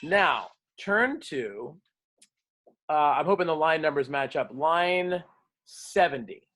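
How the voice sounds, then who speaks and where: A man teaching a class on verse, lively, explaining and quizzing his students. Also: fairly high pitch, takes it slowly. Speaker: drama teacher. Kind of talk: classroom lecture.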